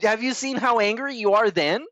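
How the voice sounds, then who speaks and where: A man's voice: high voice, normal speed, pushed and bright, no echo, dull audio. A man hosting a podcast, giving crude, sarcastic reaction commentary on stream clips.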